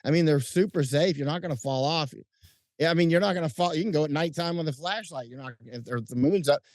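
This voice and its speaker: A middle-aged combat correspondent, appearing as an interview guest outdoors at night under lights, tells animated stories in casual chat, with frequent restarts and chuckles. His voice is a little high and quick, captured at studio quality with no echo.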